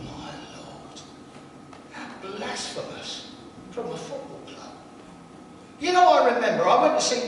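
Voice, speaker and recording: A man in his sixties preaching a chatty sermon in a church hall, telling stories and joking with the congregation, recorded from a distance. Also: sits high. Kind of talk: sermon with anecdotes. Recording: echoey hall from far off, noisy.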